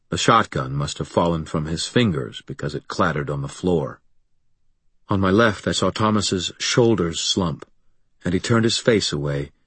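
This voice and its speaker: Low husky male audiobook narrator. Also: a bit bright, no room sound. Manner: wry, sardonic storytelling. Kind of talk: first-person audiobook narration.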